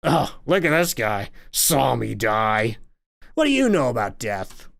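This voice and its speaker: A man voicing a gruff, fed-up middle-aged male foreman who swears and complains loudly in a game. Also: medium pitch, big pitch swings, unhurried, full character voice. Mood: irritated.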